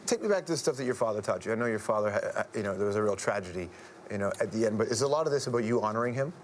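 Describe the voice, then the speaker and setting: A man's voice: on the low side, animated, rapid-fire, a little hiss or hum. A man hosting a talk show, chatting casually with a guest and laughing easily.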